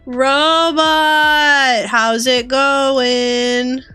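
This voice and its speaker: A woman's voice: high voice, bright, forceful tone, clear, resonant tone. A woman streamer chatting casually with her viewers while drawing, giggly and teasing. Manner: giggly, playful, teasing banter.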